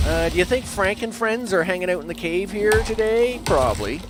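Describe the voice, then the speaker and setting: A man's voice: a little high, very animated, a little fast, few pauses. A man casually commenting on his live gameplay, chatting to the animals in the game and grumbling at his bad luck. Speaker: game streamer. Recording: noisy game sound behind voice. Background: game ambience and vehicle sounds.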